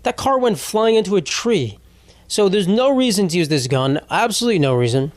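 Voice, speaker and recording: A man hosting his own podcast talks in a loose, rambling monologue full of swearing and sarcastic asides. His voice sits a little higher than most men's, and the sound is dry, with almost no room echo. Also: very animated, a little fast. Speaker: podcast host. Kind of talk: casual solo podcast rant.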